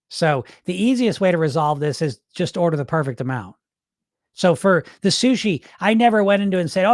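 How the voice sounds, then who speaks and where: Middle-aged male host, higher voice, dry close sound, blunt and profane, chatty. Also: dry recording. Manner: candid, swears freely, acts out his inner voices. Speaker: weight loss hypnotist, show host. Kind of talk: casual livestream talk.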